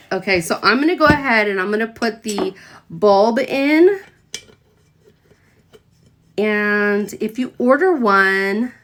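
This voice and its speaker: A woman, a product consultant, talking through an excited unboxing vlog, gushing and exclaiming as she opens the box. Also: mid-range voice. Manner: gushing, bubbly, exclaims often.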